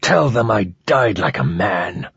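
A man reading a story, voicing a dying bearded man who gasps and rasps between fear and spite. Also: sits low, sing-song, takes it slowly, a bit bright, no echo, muffled recording, exaggerated voice. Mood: spiteful. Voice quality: gasping, rasping.

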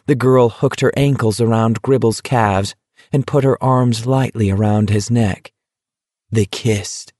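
A man reading a novel aloud as narrator, in a measured, deliberate way. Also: medium pitch, steady tone, darkish tone, no room sound, studio quality. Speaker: audiobook narrator. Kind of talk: scripted narration.

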